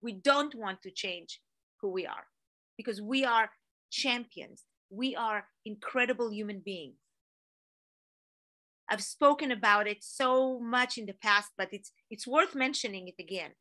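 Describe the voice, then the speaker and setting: A woman giving an energetic, animated motivational talk to an online audience, telling a story with rising emphasis. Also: a little high, unhurried. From Israel. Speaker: motivational speaker.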